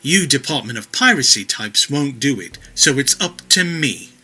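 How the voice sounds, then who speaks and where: A man's voice: medium pitch, lively intonation, normal speed, bright, forceful tone, breathy edge, pitched above the performer's own voice, full character voice. A man voicing a brash young male vigilante who talks tough in an audiobook story. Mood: cocky.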